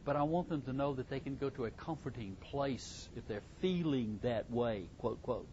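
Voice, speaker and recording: A man's voice: mid-range voice, expressive, normal speed, highs cut off, heavy background noise. Folksy man giving parenting advice. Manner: folksy, repeats himself, chuckles. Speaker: parenting speaker. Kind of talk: casual talk to a live group.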